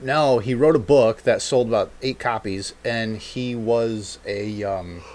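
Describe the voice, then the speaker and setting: A man in loose conversation, talking in a rambling, profane way with frequent laughter. His voice sits at an ordinary middle pitch. He sounds like a regular host chatting with a friend. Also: a little slow, darkish tone, a little hiss or hum. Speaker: podcast host. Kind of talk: casual chat.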